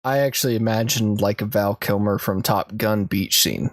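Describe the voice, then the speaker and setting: A man's voice: lowish voice, steady tone, moderate pace, dry recording. A man co-hosting a podcast in casual chat, making brief, wry remarks. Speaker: podcast co-host.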